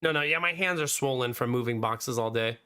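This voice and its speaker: A man in his thirties, slightly hoarse, chatting casually on a live stream and answering viewers by name. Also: mid-range voice, a little fast, pushed and bright. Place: home streaming room.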